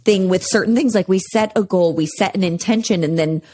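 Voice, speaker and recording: A woman's voice: mid-range voice, brisk, warm tone. A woman hosting a podcast, thinking aloud in reflective casual chat. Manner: reflective, uses many fillers. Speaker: podcast host.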